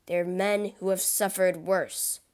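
A woman voicing a cold, menacing nobleman bent on revenge, speaking low and measured. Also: fairly even intonation, darkish tone, smooth, natural voice. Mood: cold menace.

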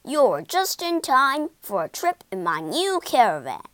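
A woman voicing a boastful, excitable male toad in a storybook, loud and rude in manner. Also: high-pitched, a little slow, no room sound, full character voice. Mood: excited.

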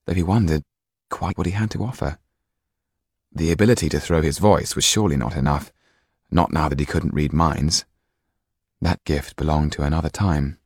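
A man's voice: low-pitched, a little mellow, breathy edge, no echo, clean studio sound. A man narrating a storybook audiobook expressively, shifting into voices for the characters.

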